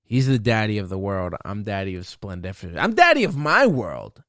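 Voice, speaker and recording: A man's voice: on the low side, huge pitch swings, a little fast, a bit bright, no room sound, studio quality. Profane, rambling young man ranting. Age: young adult. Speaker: podcast host. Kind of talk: rambling solo podcast rant.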